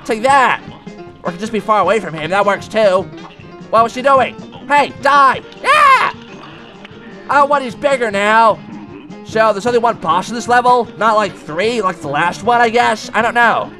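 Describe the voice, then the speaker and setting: A man voicing an excitable male cat, commenting on a game, yelping and talking back to the bosses. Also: sits high, moderate pace, faint music behind, exaggerated voice. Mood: excited. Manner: yelps and screams, talks to the bosses. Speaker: let's play gamer.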